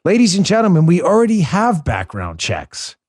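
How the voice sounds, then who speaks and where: A man's voice: sits high, huge pitch swings, normal speed, a little mellow. A man hosting a political talk show, speaking in an impassioned, emphatic way and repeating words for stress. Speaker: podcast host.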